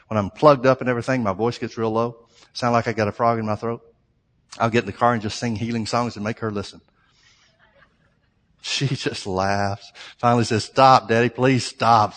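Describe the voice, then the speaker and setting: A man's voice: lowish voice, in a large hall. A middle-aged man preaching a sermon, emphatic and repetitive, building his phrases to strong peaks.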